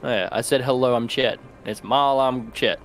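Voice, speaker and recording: A man's voice: mid-range voice, steady tone, moderate pace, a little hiss or hum, lightly acted. Man as cheeky, stubborn barbarian for a tabletop game, plays it light. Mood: boastful. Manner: playful, insistent, joking.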